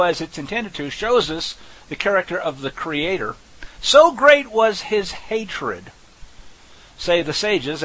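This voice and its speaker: A man teaching scripture verse by verse, animated and conversational with folksy asides. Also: high-pitched, poor audio. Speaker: Bible teacher.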